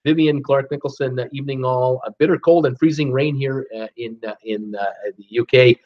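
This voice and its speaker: A man's voice: medium pitch, fairly even intonation, brisk, muffled recording. Man reading live chat, fillers galore. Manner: reads viewer comments aloud with many fillers and restarts. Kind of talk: casual live-stream chat.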